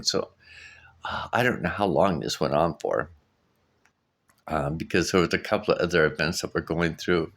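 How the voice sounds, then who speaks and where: Animated man retelling a wild dream. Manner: animated, laughing, acts out quoted shouts in a high voice. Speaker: vlogger. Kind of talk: casual storytelling.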